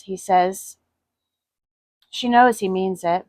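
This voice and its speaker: A woman reading her own short story aloud in a soft, earnest manner. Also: mid-range voice, a little slow, no echo, low-quality recording. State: voice cracking with emotion.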